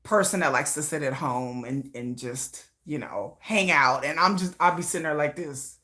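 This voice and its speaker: A woman hosting a casual livestream, chatty and high-energy, who laughs often and acts out playful scenes. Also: normal speed, sharp tone. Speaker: livestream host.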